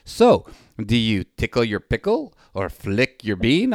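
A man's voice: medium pitch, huge pitch swings, a little slow, no room sound, clean studio sound. A man co-hosting a podcast, reading promos and chatting in an upbeat way. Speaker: podcast co-host.

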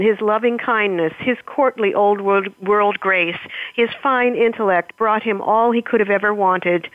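A woman author in an interview, speaking thoughtfully with halting pauses, then reading aloud from her own novel. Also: medium pitch, no room sound. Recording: tinny phone line.

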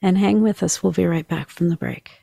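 A woman hosting a talk show, speaking in a gentle, affirming way and inviting the listeners to reflect. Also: on the low side, a little fast, creaky, loud music behind the voice. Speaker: podcast host.

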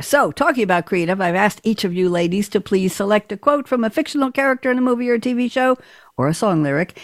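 A woman hosting a talk show, speaking at a middle pitch in a close, dry sound. She is animated and tells stories by acting out dialogue in quick bursts. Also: no room sound. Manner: animated, acts out quoted dialogue. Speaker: radio show host. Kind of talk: casual interview chat.

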